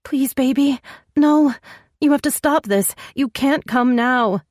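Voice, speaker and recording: A woman's voice: sits high, takes it slowly, darkish tone, dry recording, clean studio sound, pitched above the performer's own voice. A woman voicing a frightened young woman in labor, breathless and tearful as she pleads. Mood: pleading.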